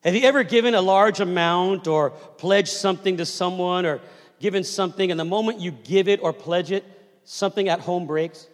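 A man's voice: high voice, normal speed. A man in his fifties preaching a sermon, telling family stories and asking the congregation to respond. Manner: conversational storytelling preacher, asks the crowd to respond. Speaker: pastor. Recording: long reverb of a large hall.

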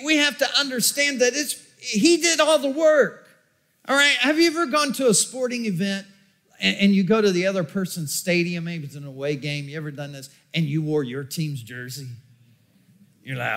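A man preaching a sermon as pastor, emphatic and repetitive, breaking into shouts. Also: high-pitched.

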